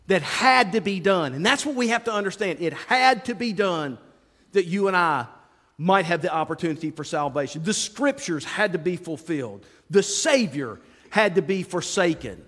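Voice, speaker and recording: A male pastor preaching an animated sermon to his congregation, acting out the quotes he tells and calling out to people in the pews. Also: high voice. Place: church sanctuary. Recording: long reverb of a large hall.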